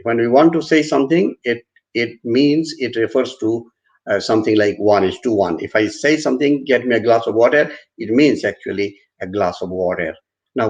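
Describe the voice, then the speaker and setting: A man's voice: medium pitch, darkish tone, dull audio. A man giving an online university lecture, repeating and restarting phrases as he explains with everyday examples.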